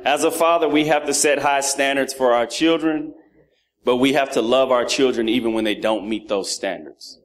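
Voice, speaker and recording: In a sermon delivered at normal speed, a mid-range-voiced man in his thirties trades between amusing stories of his sons and lessons on fatherhood. He's animated, performing his kids' voices along the way.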